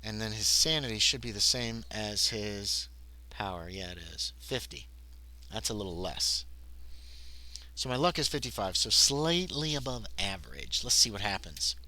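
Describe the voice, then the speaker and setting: A streamer plays a tabletop game solo, reading the game text aloud and then chatting casually with himself and his chat. His voice is on the low side, pushed and bright, with lively intonation at a normal speed.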